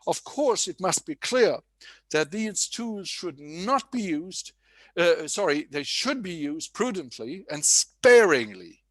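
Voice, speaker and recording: Guy reading a conference speech, bit higher voice, dry close sound, lots of uhs and fixes. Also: sing-song, takes it slowly, fairly bright tone, no room sound. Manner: formal, with hesitations and self-corrections. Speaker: conference speaker. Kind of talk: prepared speech read aloud. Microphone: online conference setup.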